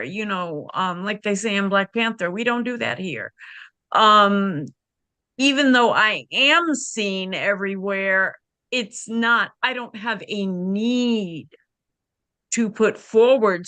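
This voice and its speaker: A woman's voice: mid-range voice, bright, forceful tone, no echo. A woman coach speaking candidly and conversationally in a women's support circle, on a video call. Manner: candid, conversational, frequent "you know" and "like".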